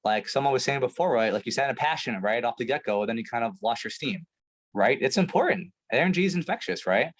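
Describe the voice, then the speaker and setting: A man's voice: medium pitch, lively intonation, fast, low-quality recording. A man coaching a sales team over a video call, talking emphatically with lots of "right?" and "like". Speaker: sales trainer.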